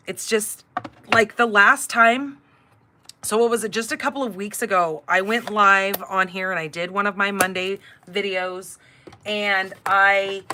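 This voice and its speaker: A middle-aged woman talks through a live paper-craft demonstration in a bright, forceful voice. She chats casually, drifts into rambling personal stories and fills pauses with "um" and "like". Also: mid-range voice, slight background noise. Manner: chatty, rambling storyteller with filler words. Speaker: card-making class host.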